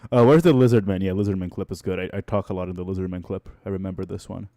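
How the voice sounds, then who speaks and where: A man's voice: sits low, very fast, warm tone. A man streaming casually, reacting to old clips of himself, exasperated and swearing. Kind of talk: casual livestream chat.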